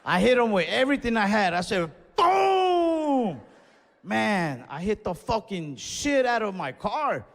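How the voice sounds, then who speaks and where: A young man telling a stand-up story in a laid-back, swearing way, acting out his own yells. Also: high-pitched, animated, moderate pace, hardly any pauses, slight background noise. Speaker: stand-up comedian. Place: comedy club stage. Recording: live stage recording in a reverberant hall.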